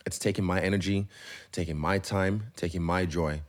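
A professional fighter speaks as an interview guest, loose and rambling, candid, and swearing freely. His voice sits low with a steady tone and a moderate pace.

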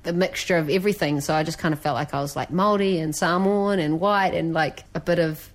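A woman's voice: lowish voice, fast. A young woman with a New Zealand accent talking casually, rambling with lots of "like" and "you know". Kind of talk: casual chat.

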